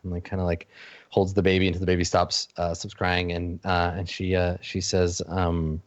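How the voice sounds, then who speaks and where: A man narrating a tabletop game as game master, halting, with many fillers and restarts. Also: low-pitched, monotone, no echo. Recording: dull lo-fi dry audio.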